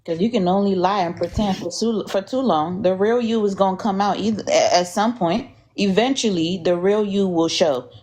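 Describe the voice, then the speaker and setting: A woman's voice: medium pitch, moderate pace, hardly any pauses, a little mellow. A woman joining a live stream, scornful and mocking toward someone.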